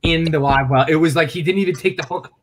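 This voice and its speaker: A man guesting on a fishing podcast, excitable and telling stories with animation. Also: on the high side, fast talker. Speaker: guest angler. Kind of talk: casual podcast chat.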